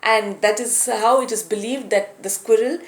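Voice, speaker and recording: A woman's voice: a little high, fairly even intonation, moderate pace. Woman telling a moral tale. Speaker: storyteller, teacher. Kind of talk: storytelling lesson. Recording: roomy echo.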